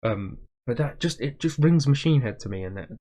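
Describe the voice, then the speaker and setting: A man hosting a music reaction video, chatting casually with viewers in a rambling way, with a slightly rough morning voice. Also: mid-range voice, animated, fairly quick, dark tone. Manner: rambling, chatty, self-aware waffling.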